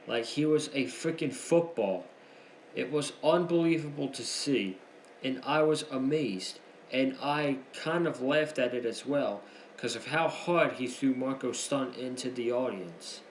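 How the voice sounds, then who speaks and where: Excitable man recapping wrestling, echoey room. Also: mid-range voice, measured pace, slight background noise. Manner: excitable, chatty, slangy ("freaking"). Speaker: wrestling show reviewer. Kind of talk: casual recap commentary.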